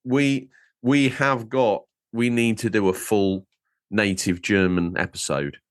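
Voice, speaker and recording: A man co-hosting a gaming podcast, bantering in a jokey, animated way and laughing at himself. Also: on the low side, slow, no echo. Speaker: podcast co-host. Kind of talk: casual banter.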